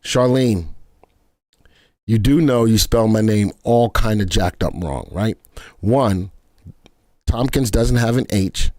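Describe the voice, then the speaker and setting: A man's voice: fairly low pitch, slow pace, long pauses, a little mellow, dry recording, studio quality. Playful chatty man hosting a live stream. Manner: playful, chatty, stammers and repeats himself. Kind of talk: casual live market chat.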